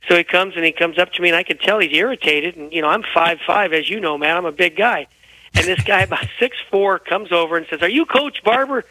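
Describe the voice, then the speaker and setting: A man guesting on a radio talk show, telling stories with lively energy while feeling unwell. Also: a little high, quick pace, no room sound, rough recording. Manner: energetic, animated storyteller. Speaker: guest, author. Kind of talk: radio interview, storytelling.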